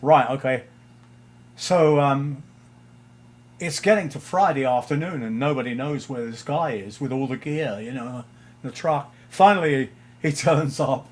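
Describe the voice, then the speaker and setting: A man's voice: medium pitch, unhurried. An older man from England, a guest musician, telling anecdotes in casual interview chat, chuckling and using frequent fillers.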